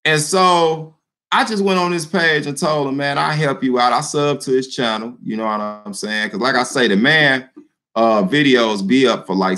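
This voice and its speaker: A man hosting his own video channel, talking straight to his viewers in a joking, animated way. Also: mid-range voice. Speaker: YouTube channel host addressing viewers. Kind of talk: casual vlog commentary.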